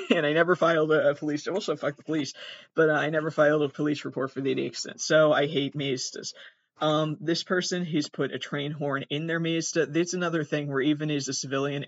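Young male host, rambling and sweary, slightly high voice, dry dull sound. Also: fairly even intonation, moderate pace, a bit bright, no echo. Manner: rambling, profane, self-deprecating. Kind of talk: casual comedic storytelling.

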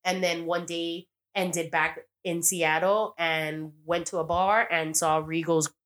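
A woman's voice: lowish voice, flat delivery, slow, a bit bright. A young woman casually recapping a TV show as a podcast host, rambling and swearing, acting out lines as she goes. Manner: rambling, profane, acts out quoted lines.

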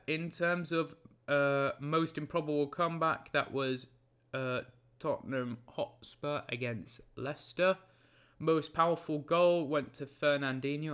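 A young man, hosting a casual solo football podcast in a rambling, jokey way with quick self-corrections. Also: mid-range voice, a bit bright, clear, resonant tone.

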